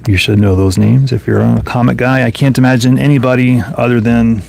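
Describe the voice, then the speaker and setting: A man's voice: mid-range voice, steady tone, fairly quick, vocal fry, darkish tone. A man casually commenting to himself while flipping through old comic books, offhand and musing. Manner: offhand, musing, mumbles to himself between thoughts. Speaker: comic book collector vlogger. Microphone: phone camera.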